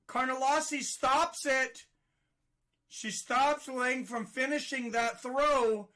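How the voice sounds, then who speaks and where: A man giving excited live play-by-play fight commentary, rising to shouts at big moments. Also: very high voice, slow pace.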